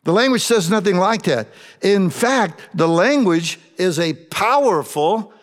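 A man with a high voice preaches in a relaxed, conversational way, putting rhetorical questions to his listeners and slipping in dry jokes. His voice carries a long reverb, as if recorded in a large hall. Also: a little slow. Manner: chatty, asks the congregation rhetorical questions, wry humor. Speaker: pastor. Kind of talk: conversational sermon.

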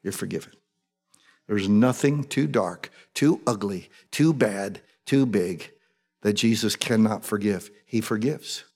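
A man's voice: on the low side, takes it slowly, darkish tone, big-room sound. A man preaching a sermon as pastor, telling the story conversationally and acting out the people in it.

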